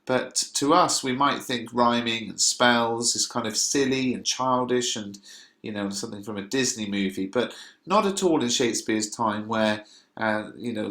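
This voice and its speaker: A male teacher at a middle pitch talks a class through the material, slow and patient, stopping often to search for words. His voice carries a roomy echo, as if recorded in an open room. He keeps the tone plain and explanatory. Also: a bit bright. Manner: patient, explains step by step with frequent pauses.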